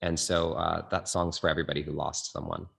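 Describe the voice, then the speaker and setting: A man's voice: low-pitched, fairly quick, gravelly. A man from the Bay Area, a guest singer-songwriter, earnestly telling his life story in an interview. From California, Bay Area. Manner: earnest, animated retelling with acted quotes.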